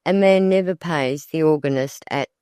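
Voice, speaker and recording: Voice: mid-range voice, moderate pace, a little mellow, smooth, no echo, clean studio sound, natural voice. A narrator reading cheerful young Dorothy.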